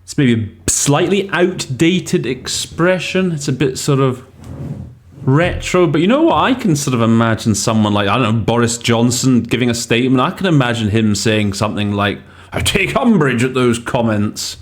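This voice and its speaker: A man's voice: mid-range voice, expressive, moderate pace. A man hosting a podcast on interpreting, talking casually and thinking aloud as he weighs English word choices. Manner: thinks aloud, many fillers and restarts. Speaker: podcast host teaching interpreting. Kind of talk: casual explanatory commentary.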